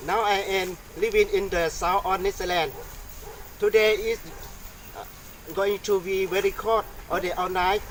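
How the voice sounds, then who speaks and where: A man's voice: high voice, steady tone, unhurried, a bit bright, a little hiss or hum, low-quality recording. A man with a Lao accent playing a weather presenter in a student role-play, hesitant and full of fillers.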